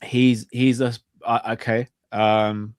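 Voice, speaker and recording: A man calmly making balanced points in a casual football analysis chat, with some hesitant fillers. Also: mid-range voice, clear, resonant tone, dry recording, clean studio sound. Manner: measured, reasonable, hesitant fillers. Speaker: football pundit co-host.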